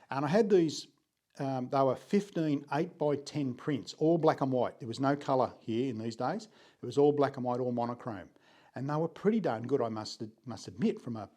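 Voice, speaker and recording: Mellow-voiced older Australian man. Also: medium pitch. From Sydney, Australia. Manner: unhurried, earnest, frequent throat clearing. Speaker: photographer. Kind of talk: reflective storytelling vlog.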